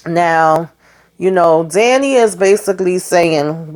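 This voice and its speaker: A woman breaks down a drama episode for her viewers in a loose, conversational recap. Her voice sits a little low, and she sounds chatty and fed up with the characters, slipping into slang as she goes. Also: measured pace, a little mellow. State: headache. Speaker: TV recap host. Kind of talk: casual show recap.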